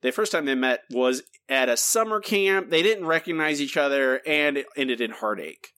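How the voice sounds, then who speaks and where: Animated, ranting male podcast host. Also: fairly high pitch, normal speed, smooth. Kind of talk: casual podcast chat.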